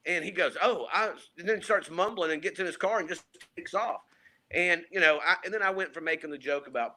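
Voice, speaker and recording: A man co-hosting a podcast from home, telling a casual story, animated and full of fillers, acting out what people said. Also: high voice, brisk, very noisy. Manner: animated, acts out quotes, frequent fillers. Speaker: podcast co-host. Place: home, remote call.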